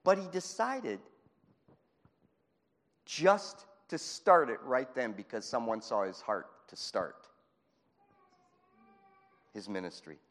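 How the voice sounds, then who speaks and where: Animated preacher in an echoing hall. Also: male voice, medium pitch, slow, pauses often. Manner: animated, acts out Bible scenes, chuckles. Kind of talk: sermon.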